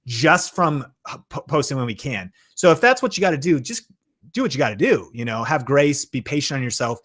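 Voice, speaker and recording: A man hosting a live-stream Q and A, talking with excitable enthusiasm and plenty of fillers. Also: medium pitch, fairly quick. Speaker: YouTube channel host.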